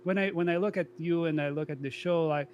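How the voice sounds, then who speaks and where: Halting man asking a long question. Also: a little high, fairly even intonation, a little mellow, highs cut off, a little hiss or hum. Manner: halting, loses track of his question. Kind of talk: casual podcast chat.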